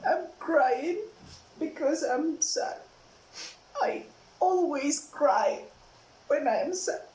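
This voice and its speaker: A sad little boy whimpers slowly in a high, childish voice, as a man puts him on for a classroom example. Every word is stretched out and weepy. The sound carries a roomy echo. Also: animated, darkish tone, exaggerated voice. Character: crying young boy Billy, sad and whiny. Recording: echoey room.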